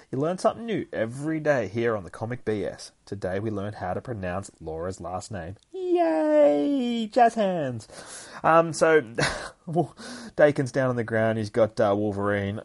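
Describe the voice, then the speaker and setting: A man's voice: on the low side, lively intonation, fairly quick, darkish tone, dry recording. A man hosting a podcast, recapping a comic book issue in casual, heavily profane talk and acting out the fight sound effects. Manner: profane, swears constantly. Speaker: podcast host.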